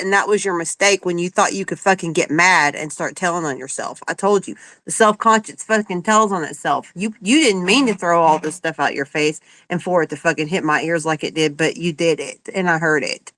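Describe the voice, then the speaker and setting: A woman's voice: on the low side, fairly quick, hardly any pauses, fairly bright tone, dry recording, low-quality recording. A woman hosting a livestream, delivering an angry, profane, confrontational rant at someone she calls out. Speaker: livestream host.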